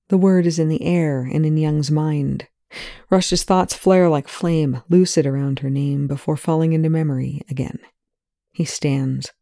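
A reader narrating fan fiction in a quiet, even manner. The voice is gravelly and dark, recorded close in a dry room. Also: mid-range voice, dry recording. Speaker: audiobook narrator. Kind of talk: audiobook reading of fan fiction.

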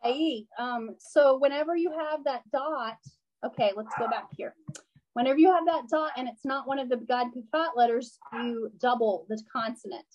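A woman with a fairly high voice teaches a live online class. She explains patiently, using plenty of fillers and checking in often with her students. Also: moderate pace, darkish tone, highs cut off. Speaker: language teacher.

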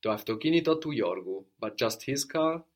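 A man's voice: mid-range voice, animated, a little fast. A man teaching a language lesson, explaining points patiently and modeling phrases for a student to repeat.

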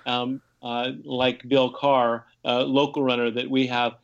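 A man's voice: mid-range voice, level tone, measured pace, lo-fi sound. A man, an ultrarunner from the United States, guesting on a podcast and telling his stories in a rambling, casual way with frequent restarts. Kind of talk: casual conversation.

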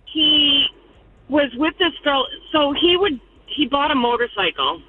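A woman's voice: sits high, expressive, unhurried, background noise. Woman caller, blunt and emphatic, phone-line sound. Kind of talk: phone-in storytelling.

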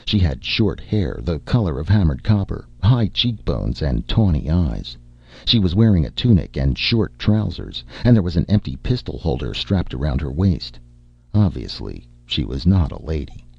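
A man narrates a story in a very low, gravelly voice with a husky, dark tone. His delivery ranges widely in pitch, giving the prose movement. The recording is dry and somewhat dull. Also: big pitch swings, moderate pace, no room sound. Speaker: audiobook narrator. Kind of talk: scripted narration.

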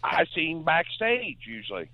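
A man calls in to a radio show, loud and animated. His voice sits fairly high and swoops in a singsong way. It comes over a tinny phone line. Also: normal speed, no room sound. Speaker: caller. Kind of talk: call-in radio chat.

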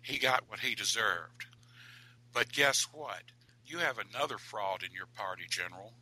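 A man's voice: fairly low pitch, lively intonation, moderate pace, bright, forceful tone, husky, full character voice, low-quality recording. A man voicing a sly female spirit that speaks in a whisper and mocks the people it haunts. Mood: taunting.

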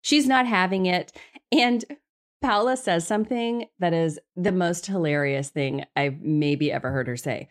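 Low-pitched female host, sarcastic and exasperated, casual podcast chat. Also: measured pace. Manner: sarcastic, exasperated, jumps into high mock outrage.

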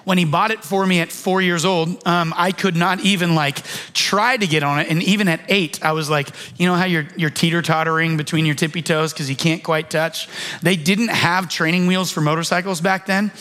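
A man in his thirties gives a sermon as a story, talking in a high voice. He speaks casually, with restarts, and acts out the quoted lines of the people in the story. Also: fairly even intonation, normal speed, sharp tone. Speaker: pastor.

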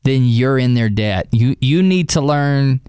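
A man's voice: mid-range voice, animated, a little slow, a little mellow, smooth, dry recording. Man radio host, 30s, teasing, punny, dry studio. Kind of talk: casual radio banter.

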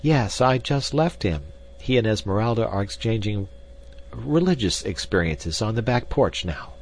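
A man's voice: lowish voice, animated, moderate pace, darkish tone, voice pushed up. A man reading an audiobook, voicing a polite but firm young woman speaking to her father.

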